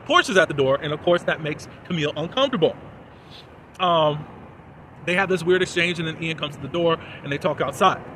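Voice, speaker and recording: Bright-voiced man recapping a show. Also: on the high side, brisk, slight background noise. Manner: chatty, animated, lots of fillers and "da, da, da". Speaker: TV episode reviewer. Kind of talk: casual recap and commentary.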